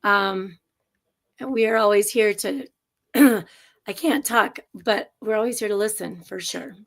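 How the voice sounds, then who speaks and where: A woman's voice: mid-range voice, slow pace, vocal fry. A woman co-hosting a casual livestream chat from home over a video call, telling stories in a chatty, laughing way. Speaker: co-host and middle school teacher. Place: at home with a house full of people. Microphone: video call setup.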